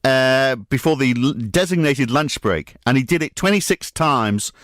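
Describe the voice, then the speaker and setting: A man's voice: mid-range voice, lively intonation, measured pace, fairly bright tone, no room sound. Wry, joking male radio host, dry sound. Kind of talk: casual radio chat. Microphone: studio mic.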